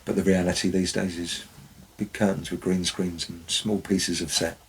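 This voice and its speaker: Male storyteller, deep husky voice, wry and anecdotal. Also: level tone, normal speed, low-quality recording. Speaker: former forest warden. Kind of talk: storytelling narration.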